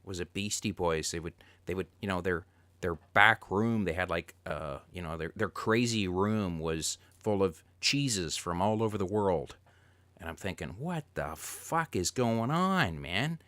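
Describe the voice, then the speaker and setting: A man hosting a casual podcast, talking loosely and excitably with plenty of swearing. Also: sits low, moderate pace, dry recording. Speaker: podcast host.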